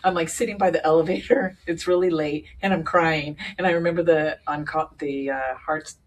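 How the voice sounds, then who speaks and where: A woman in her fifties telling a personal story in casual conversation, animated, laughing often and acting out the voices of others. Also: low voice, normal speed. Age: 50s. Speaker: guest sharing a personal story.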